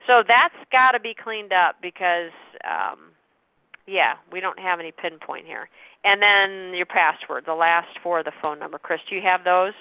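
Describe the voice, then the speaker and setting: A woman's voice: on the low side, moderate pace, dry recording. Woman sales trainer, matter-of-fact, tinny phone-line sound, dry. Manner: matter-of-fact, keeps adding "okay?". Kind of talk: coaching a sales team on a call.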